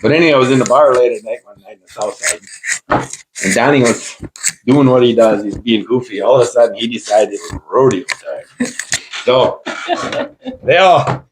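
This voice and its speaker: Older man telling lively anecdotes. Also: mid-range voice, moderate pace, pauses often, background noise. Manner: animated, laughing anecdotes. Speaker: podcast host. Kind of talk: casual storytelling.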